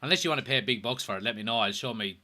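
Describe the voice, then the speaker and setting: A man's voice: medium pitch, rapid-fire, bright, forceful tone. An Irish man hosting a casual football watchalong livestream, joking, swearing and reading viewer comments aloud. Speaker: host.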